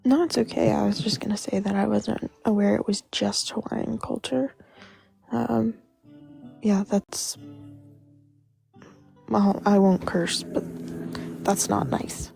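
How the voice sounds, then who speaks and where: Groggy, raspy woman with vocal fry. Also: medium pitch, steady tone, slow pace, pauses often, soft background music. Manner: soft-spoken, hesitant, many "um"s. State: groggy just-woken-up voice. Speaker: live show panelist. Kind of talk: live stream discussion.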